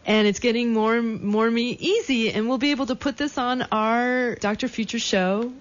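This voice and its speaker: A woman's voice: a little high, normal speed. A woman co-hosting a radio show, chatty and eager, often restarting her sentences. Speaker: radio co-host. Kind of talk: casual radio chat. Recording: dull lo-fi radio broadcast.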